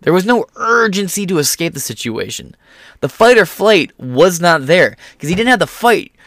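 A man with a somewhat high voice, swearing freely and dripping with sarcasm as he rants through the news. He keeps jumping into mocking impressions of the people he talks about. The sound is close and dry, with no room around it. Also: very animated, moderate pace, a bit bright, no room sound. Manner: profane, sarcastic, mocks people in put-on voices. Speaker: political commentary host. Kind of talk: casual ranting commentary.

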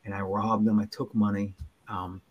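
Low-pitched man, husky voice, earnest halting storytelling, podcast guest. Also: flat delivery, highs cut off. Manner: halting, earnest, many restarts, drops to near whispers. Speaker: podcast guest sharing his recovery story. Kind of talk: personal storytelling in an interview.

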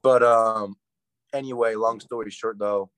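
A young man, a college wrestler, chatting fast and hyped in a casual interview, rambling with lots of fillers. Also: on the low side, steady tone, fairly bright tone, dry recording, low-quality recording. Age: young adult.

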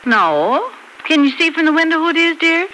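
A kind, firm middle-aged mother in an old radio play, reassuring and lively in her ups and downs, with a bright tone. A faint hiss sits under the old broadcast. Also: sits high, moderate pace, heavily acted, poor audio. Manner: warm, reassuring. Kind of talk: 1940s radio acting.

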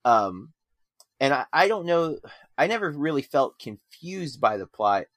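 A man in a casual film review chat, eager and rambling, stumbling over his own sentences. His voice sits at an ordinary pitch. The sound is dry and close, with no room behind it. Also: very animated, measured pace, fairly bright tone, dry recording. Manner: enthusiastic, rambling with frequent restarts.

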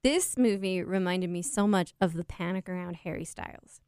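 A woman co-hosting a podcast, chatting casually and wryly about films in an animated way. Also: fairly low pitch, normal speed, clean tone, no room sound, clean studio sound. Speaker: podcast co-host. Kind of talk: casual film review chat.

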